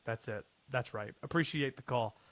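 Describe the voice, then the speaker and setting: A man's voice: medium pitch, moderate pace, no room sound. A man hosting a call-in sports radio show, playful with a mock-grand patter.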